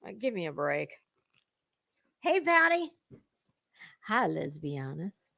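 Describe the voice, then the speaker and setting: A woman's voice: lowish voice, very animated, takes it slowly, creaky, bright, forceful tone, no room sound. A middle-aged woman hosting drama commentary, scathing and mocking, lecturing and swearing freely. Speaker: commentary channel host.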